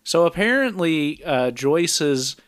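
A man with a somewhat higher voice talks through a film's plot in a relaxed podcast recap. His delivery is plain and conversational, with dry little asides. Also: takes it slowly, smooth, no echo. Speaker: podcast co-host recapping a film. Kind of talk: casual recap narration.

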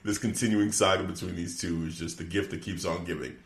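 A man in casual chat, recapping a show and acting out lines in higher voices, laughing often. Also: fairly quick, echoey room. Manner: animated storyteller, acts out quotes in higher voices, laughs often. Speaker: podcast co-host.

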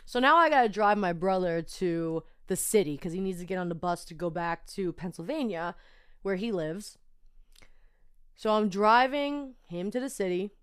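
A young woman speaking to her podcast listeners in a medium-pitched voice. She tells a personal story in a loose, emotional and rambling way, with lots of "like" and "you know". The sound is dry, with little room echo. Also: normal speed, fairly bright tone, smooth. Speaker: podcast host.

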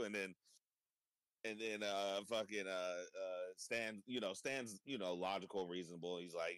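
A young man chatting casually as host, swearing freely, breaking into laughs and rambling. His voice sits low, and the sound is dry and close with no room around it. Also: steady tone, normal speed, a bit bright, clear, resonant tone, dry recording. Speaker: podcast host. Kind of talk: casual chat reacting to a cartoon episode.

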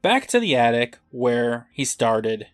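A man's voice: mid-range voice, big pitch swings, slow, no echo, clean studio sound, soft background music. A man co-hosting a podcast, casually recapping an episode and chuckling as he acts out quotes. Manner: laughing storyteller, acting out quotes. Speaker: podcast co-host.

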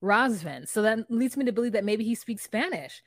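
A woman's voice: on the high side, lively intonation, normal speed, dry recording, clean studio sound. A woman co-hosting a podcast, chatting casually in a rambling, frank way full of "like" and the odd curse word. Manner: rambling, lots of "like", frank and profane. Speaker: podcast co-host. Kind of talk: casual recap chat.

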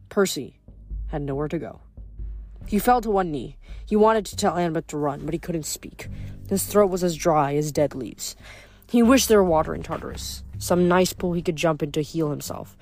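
A woman reading chapters of a novel aloud in an animated, expressive way. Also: on the low side, brisk. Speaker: audiobook reader.

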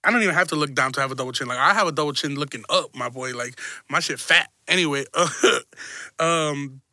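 A man's voice: on the high side, brisk, sharp tone, no echo, studio quality. A young man hosting a podcast, rambling through a crude, self-mocking comedic monologue full of profanity. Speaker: podcast host.

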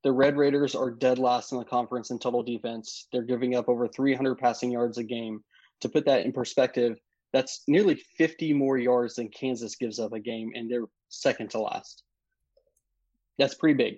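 A man co-hosting a sports podcast, giving measured, stat-heavy analysis. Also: medium pitch, steady tone, a little mellow, dry recording. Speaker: podcast co-host. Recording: dry, slightly dull remote mic.

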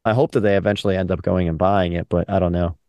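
Low-voiced laid-back podcast guy. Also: steady tone, quick pace, no room sound, muffled recording. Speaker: podcast co-host. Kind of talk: casual chat.

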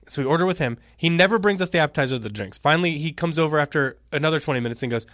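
A man's voice: a little high, racing, dry recording, clean studio sound. A man co-hosting a podcast in casual chat, telling a story at length and acting out what people said. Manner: animated storytelling, acting out quotes. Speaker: podcast co-host.

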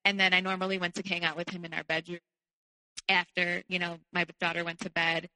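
A woman's voice: on the low side, level tone, fairly quick, bright, forceful tone, in a large hall, low-quality recording. A woman guest telling her personal story candidly, peppering her speech with "like". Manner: candid, heavy use of "like". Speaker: podcast guest.

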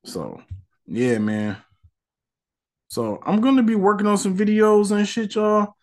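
A man's voice: high-pitched, animated, unhurried, darkish tone. A man hosting a casual solo podcast, talking in slangy, ranting commentary. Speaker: podcast host.

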